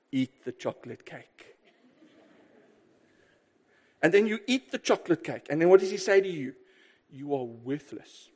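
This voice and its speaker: A male pastor preaching a sermon, emphatic and lively, asking rhetorical questions and swinging between loud bursts and quiet asides. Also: high voice.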